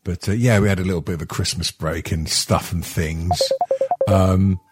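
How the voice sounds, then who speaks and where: A man's voice: low-pitched, steady tone, normal speed, loud music behind the voice. A middle-aged man hosting a podcast in a rambling, sweary, casual way, full of ums and restarts. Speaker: podcast host.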